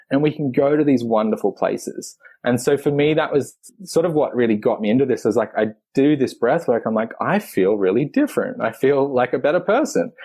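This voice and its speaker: A man, a physical therapist guest on a podcast, explaining in a reflective way with the odd soft laugh. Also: medium pitch. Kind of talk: conversational podcast interview.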